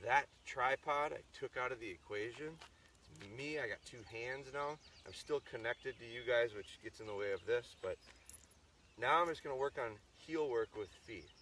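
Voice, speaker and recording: This dog trainer's mid-range voice has a sharp tone and a normal speed as he streams live outdoors from a rural farm. He alternates between chatting to viewers and giving his dogs short, firm commands, and the phone or tripod camera audio is full of outdoor noise.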